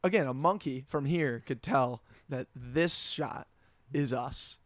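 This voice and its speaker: A man co-hosting a podcast in casual chat, teasing his friends, his voice a bit hoarse. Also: mid-range voice, slow, no room sound. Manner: teasing, exclaiming.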